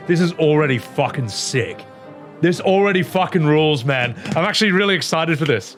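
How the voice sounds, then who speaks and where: A young man streaming a game, reacting casually. He gets excited, laughs and swears as he plays. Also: fairly high pitch, moderate pace, soft background music.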